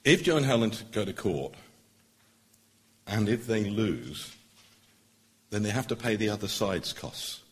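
A middle-aged man, a barrister, giving an earnest, persuasive public speech at a meeting, pausing for emphasis. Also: on the low side, lively intonation.

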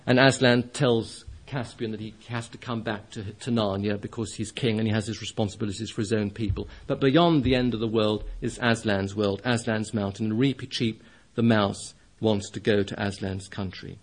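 A man preaching, reading a children's story aloud with expressive, measured storytelling. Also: lowish voice.

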